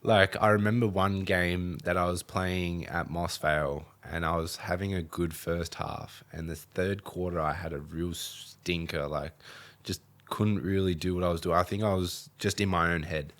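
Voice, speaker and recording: A man's voice: deep voice, fairly even intonation, normal speed, a bit bright. A young man with an Australian accent, chatting as a podcast guest in a rambling way full of "like". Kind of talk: casual podcast chat.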